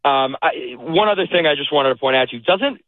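A man's voice: on the high side, expressive, fairly quick, no echo. A man calling in to a sports radio show, eager and hesitant with many fillers, heard over a phone line. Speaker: caller. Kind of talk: call-in chat.

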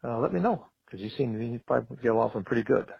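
Gravelly caller on a muffled phone line. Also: male voice, medium pitch, animated, rapid-fire. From Wisconsin. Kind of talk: phone call to radio show.

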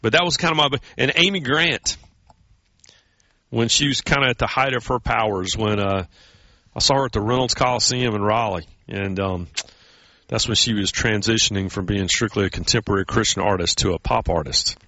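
A man's voice: fairly low pitch, fairly quick, no room sound. Chatty storytelling man, dull dry sound. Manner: storytelling, animated quoted voices. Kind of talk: casual chat.

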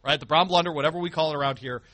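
A man hosting a sports radio show, talking football in a lively, emphatic way from the studio. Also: on the high side, very fast, no echo. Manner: animated, emphatic. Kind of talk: sports talk banter.

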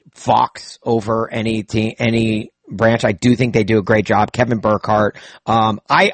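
In a dry recording, a man with a mid-range voice chats casually about football broadcasts as a co-host. His sports talk rambles, full of fillers and frequent restarts.

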